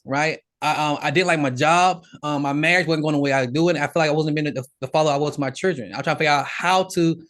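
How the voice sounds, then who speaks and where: A man guesting on a podcast, telling his story in a casual, animated way with frequent restarts. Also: on the high side, quick pace. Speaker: podcast guest, real estate investor.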